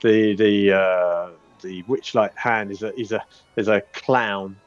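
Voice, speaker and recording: A man's voice: on the low side, fairly even intonation, slow, no room sound, soft background music. A man narrating as game master in a casual, rambling way, with many fillers and restarts. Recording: dull lo-fi audio.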